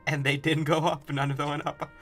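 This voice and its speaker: A man in a relaxed group call who jokes dryly and chuckles between lines. His voice is bright and a bit high for a man. Faint music hums behind him. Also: a little fast. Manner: dry joking, chuckles a lot. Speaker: show regular. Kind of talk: casual group chat on stream.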